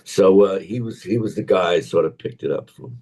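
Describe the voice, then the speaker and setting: Gravelly older Englishman telling stories. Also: low-pitched, fairly quick, darkish tone. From England. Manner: rambling anecdotal storyteller. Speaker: actor guest. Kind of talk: casual interview chat. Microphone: tablet on a video call.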